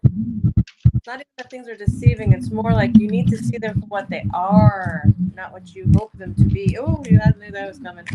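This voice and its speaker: A woman doing a casual card reading, talking in a chatty, encouraging way and laughing often. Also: a little high. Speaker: card reader. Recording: loud background noise.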